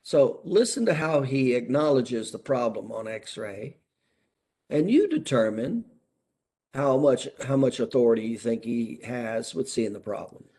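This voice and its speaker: Husky man coaching with rhetorical questions. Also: mid-range voice, big pitch swings, unhurried, dark tone. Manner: emphatic, asks rhetorical questions. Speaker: practice coach for chiropractors. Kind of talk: training session critique.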